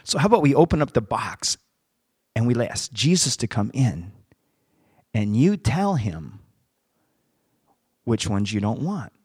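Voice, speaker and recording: A male pastor recounting a story from the pulpit, lively as he acts out each exchange. His voice sits in a middle register. The sound is dry and close. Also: mid-range voice, slightly rough, dry recording. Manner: animated storyteller acting out dialogue. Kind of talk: sermon storytelling.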